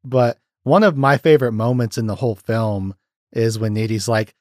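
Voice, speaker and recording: An animated man in casual podcast chat, talking eagerly and breaking into laughter. His voice sits at an ordinary pitch and the sound is dry and close. He retells scenes with quick restarts. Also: dry recording. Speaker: podcast host.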